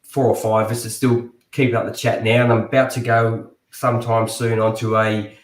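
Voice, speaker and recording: A man's voice: on the low side, flat delivery, moderate pace. An Australian man co-hosting a podcast, telling rambling stories with frequent restarts. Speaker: podcast co-host. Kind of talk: casual podcast chat. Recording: echoey room.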